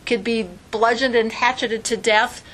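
A woman's voice: a little high, fairly even intonation, unhurried, fairly bright tone, a little hiss or hum. A woman teaching an informal religious class, earnest and conversational, with strings of rhetorical questions. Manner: conversational, frequent fillers like "like".

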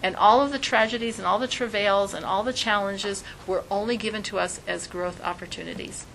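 Woman religious teacher, mid-pitched voice, animated storytelling delivery, faint noise behind. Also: fairly quick, creaky, low-quality recording. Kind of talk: spiritual talk.

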